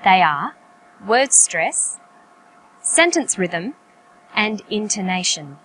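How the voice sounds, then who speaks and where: A woman narrating an English pronunciation lesson in a clear, careful, explanatory way. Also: mid-range voice, sing-song, slow, a bit bright, slight background noise, rough recording. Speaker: English teacher.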